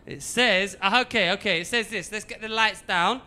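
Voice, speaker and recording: A man doing a stand-up comedy routine on a club stage, animated, swinging from muttering to shouting. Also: sits high, moderate pace.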